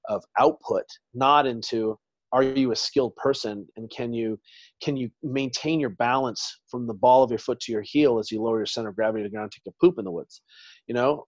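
A man's voice: medium pitch, brisk, no echo. Male guest, forties, medium voice, meandering storyteller, dry close mic. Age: 40s. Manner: rambling storyteller, trails off and restarts. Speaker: podcast guest. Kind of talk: casual interview chat.

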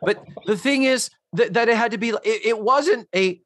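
A man co-hosting a casual podcast chat, animated and profane, often acting out lines. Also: very high-pitched, normal speed, dry recording. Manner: animated, profane, acts out lines in character voices. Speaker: podcast co-host.

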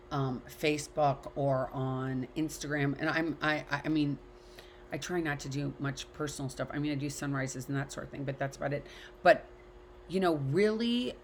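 A middle-aged woman with a low voice, teaching an online class in a candid, chatty way. She swears freely and says what she thinks. A faint hiss of background noise sits under her voice. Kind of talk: casual talk to an online class. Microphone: video call.

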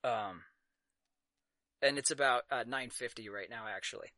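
A man narrating as game master of a tabletop game, halting with many fillers and quick to laugh. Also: mid-range voice, bright, forceful tone, dry recording.

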